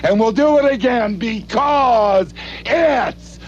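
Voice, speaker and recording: A man doing a booming Friday hype announcer. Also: highs cut off, soft background music. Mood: hyped. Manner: drawn-out, rising hype call.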